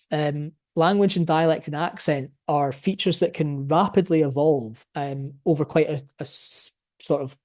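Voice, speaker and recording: A man's voice: on the high side, warm tone. A man presenting his research in an academic talk, explaining his findings and thinking aloud as he goes.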